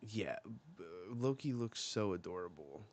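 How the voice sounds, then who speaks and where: A man's voice: on the low side, sing-song, unhurried, soft background music. A man hosting a live manga reaction, chatting casually and rambling with lots of "like" and "you know", with the odd swear.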